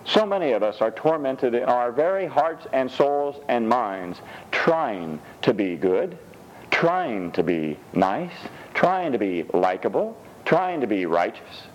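A male pastor preaching a sermon in an animated way, dropping frequent amens. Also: mid-range voice, slow, dull audio, slight background noise. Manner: animated, punctuates with "amen".

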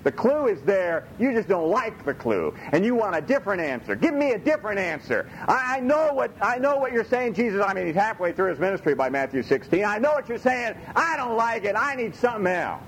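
A man preaching a sermon in a folksy, animated way, repeating his phrases for emphasis. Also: high voice, brisk, few pauses, slight background noise, rough recording. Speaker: pastor.

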